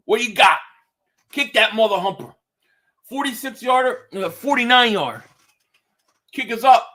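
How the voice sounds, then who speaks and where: Male live-stream host, high bright voice, loose excitable play-by-play and chat. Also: unhurried. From Philadelphia area. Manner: loose and excitable, swearing, reading chat aloud. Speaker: streamer reacting to a football game. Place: home, indoors.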